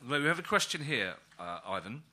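A man's voice: mid-range voice, big pitch swings, a little fast, pushed and bright. A man hosting a comedy panel, dry and wry, breaking into his own sentences with asides. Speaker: host.

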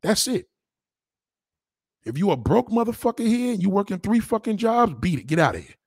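Profane, animated New man ranting. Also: moderate pace, slightly rough, no room sound, studio quality. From New York. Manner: profane, animated, swinging pitch. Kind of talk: casual rant.

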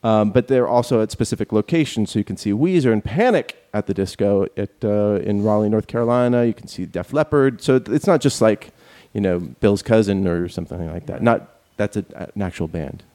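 A man's voice: fairly low pitch, fairly quick, hardly any pauses, dark tone. A man hosting a casual group podcast chat, rambling and joking as he reads out concert listings.

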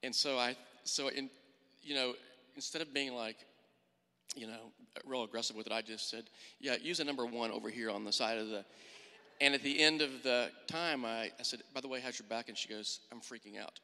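An earnest man speaks in a church, sharing a testimony and then leading a prayer, often pausing to restart his sentences. His voice is bright and clear. A long reverb from the large hall trails after every phrase. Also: medium pitch. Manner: earnest, halting with restarts and fillers. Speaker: church member giving a testimony.

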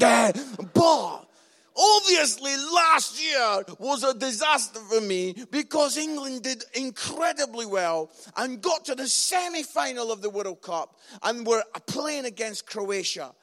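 Lively Scottish preacher telling funny stories. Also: male voice, extremely high pitch. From Scotland. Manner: animated, acts out family quarrels in raised voices. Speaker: visiting preacher. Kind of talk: humorous sermon storytelling.

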